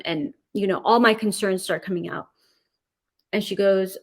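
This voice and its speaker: Woman recounting a painful ordeal, halting. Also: medium pitch. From California. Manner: emotional, halting, with many restarts. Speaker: interview guest. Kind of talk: personal testimony in an interview.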